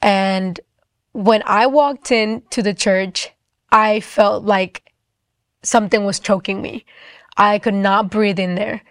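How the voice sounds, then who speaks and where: A young woman telling a personal faith testimony in a quick, casual way, with lots of filler words. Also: medium pitch, steady tone, no room sound, studio quality. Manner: quick, chatty, full of "like" fillers.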